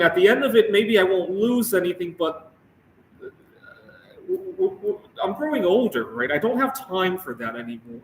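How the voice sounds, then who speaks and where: A young man rants on his own show with a slightly high voice. He stammers, repeats himself and keeps checking in with "right?". He sounds set back from the mic in a bare, echoey room with a faint hum behind him. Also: fairly bright tone, distant mic. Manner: halting, repeats words, asks "right?" often. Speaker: show host. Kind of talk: casual rant to camera. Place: Phoenix area, United States.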